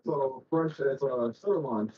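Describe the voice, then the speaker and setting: A man's voice: mid-range voice, a little slow, warm tone, roomy sound, far from the mic, dull audio. A man hosting a podcast, chatting casually with slang and swearing, loose and full of fillers. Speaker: podcast host.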